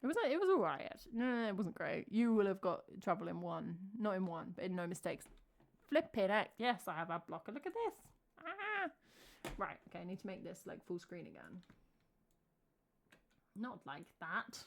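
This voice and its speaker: A woman's voice: lowish voice, animated, brisk, gravelly. A woman with an English accent, chatting casually on a live stream, thinking aloud and answering her chat. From England.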